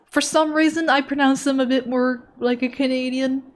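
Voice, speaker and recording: A European woman draws on a live stream, chatting casually, reading comments aloud, and teasing her viewers playfully. Her voice sits high, and she talks fairly quickly with few pauses.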